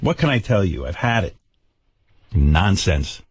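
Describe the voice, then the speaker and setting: A man's voice: lowish voice, very animated, moderate pace, slightly rough, dry recording. An older man hosting a radio show, ranting with profane sarcasm and stammered repeats. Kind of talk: angry on-air rant. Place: radio studio.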